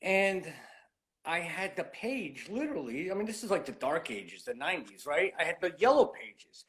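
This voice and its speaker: A man's voice: a little high, normal speed. Chatty fifties man telling stories. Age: 50s. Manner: rambling, animated anecdotes full of "you know". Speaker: guest, cigar industry veteran. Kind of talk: casual storytelling interview.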